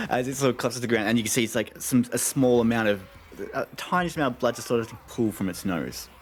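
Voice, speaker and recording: A medium-pitched man narrates a tabletop game as game master, sounding relaxed and hesitant and using many fillers.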